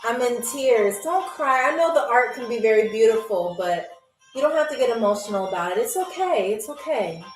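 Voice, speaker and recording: A woman hosting a live-stream game show in a high voice, teasing viewers and answering them sarcastically. The recording has an echoey room around her. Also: expressive, brisk, faint music behind.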